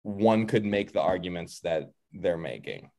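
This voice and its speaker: A man's voice: sits low, expressive, unhurried, a little mellow, slight background noise. A man co-hosting a casual chat over a video call, opinionated and full of jokey asides. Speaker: podcast co-host. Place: home, remote video call.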